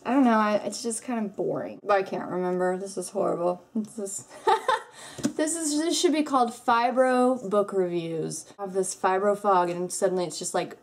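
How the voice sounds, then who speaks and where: A woman chatting casually in her own book-review vlog, rambling and self-deprecating, animated when she tells a story. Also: medium pitch, normal speed, slight background noise. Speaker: book vlogger.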